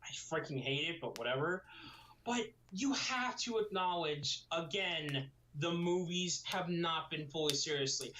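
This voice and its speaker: A man giving a casual critique who rambles and sounds mocking and easily excited. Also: a little high, a little slow, a little hiss or hum, poor audio. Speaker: video critic.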